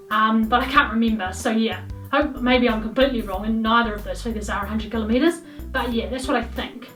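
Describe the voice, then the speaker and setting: A woman's voice: on the high side, a bit bright. A young woman with a New Zealand accent, chatting casually to camera in a rambling way with lots of ums. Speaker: vlogger. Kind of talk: casual vlog chat. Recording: roomy echo, voice from a distance, light background music.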